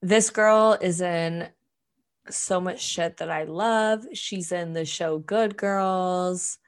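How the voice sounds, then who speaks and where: Lower-voiced woman rambling casually. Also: fairly even intonation, takes it slowly, smooth. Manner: rambling, heavy on "like", swears freely. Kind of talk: casual chat recapping a TV show.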